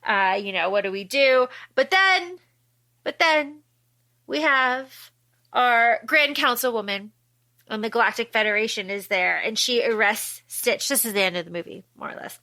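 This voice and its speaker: A woman's voice: on the high side, normal speed. A woman co-hosting a podcast, animatedly recapping a film in casual chat and acting out quotes. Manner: animated, acts out quotes in funny voices. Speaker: podcast co-host.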